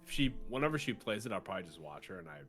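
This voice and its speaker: A man co-hosting a casual TV review chat, relaxed, trailing off with lots of ums. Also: low voice, rapid-fire, soft background music. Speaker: co-host of a TV review show.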